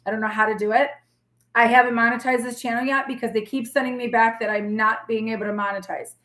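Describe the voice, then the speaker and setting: A woman, a tarot reader talking candidly to her live-stream viewers in a sassy, feisty, rambling way, with a forceful tone that can sound like yelling. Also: fairly high pitch, fairly even intonation, fast talker. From New York. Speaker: tarot reader and channel host. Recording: echoey room.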